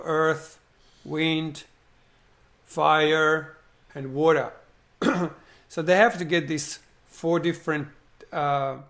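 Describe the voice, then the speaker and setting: A man with a slightly high, creaky voice recounts a movie scene with enthusiasm during a conversation. He plays out the different roles and fires off rhetorical questions in an animated way.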